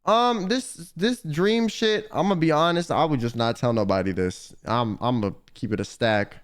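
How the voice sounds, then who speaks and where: A young man on a stream reads viewer confessions aloud, reacting with profane, exasperated commentary in a casual livestream style. His clean-toned voice sits on the high side, at a normal speed.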